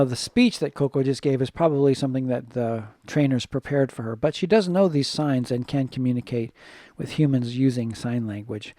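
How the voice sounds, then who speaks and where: A man's voice: mid-range voice, warm tone, no room sound. A man teaching a casual recorded lesson, thinking aloud and correcting himself as he goes. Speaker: English teacher.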